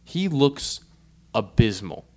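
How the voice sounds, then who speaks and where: A young man in casual sports-podcast chat, his voice sitting in a middle register. He talks in an animated, joking way, piling up asides and restarting his thoughts as he goes. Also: medium pitch, takes it slowly. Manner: animated, laughing, trailing off into asides. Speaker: podcast co-host.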